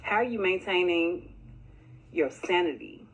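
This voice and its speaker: Tired woman, low voice, keeping it real w viewers. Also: lively intonation, measured pace, lo-fi sound. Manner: weary, candid. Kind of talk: casual talk to viewers.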